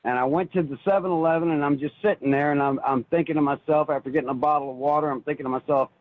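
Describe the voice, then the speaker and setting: A man's voice: a little high, fairly even intonation, rapid-fire. A man calling in to a talk show who tells his story earnestly and at length, often repeating words when he is stirred up. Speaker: caller. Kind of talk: emotional call-in storytelling. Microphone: phone. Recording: tinny phone line.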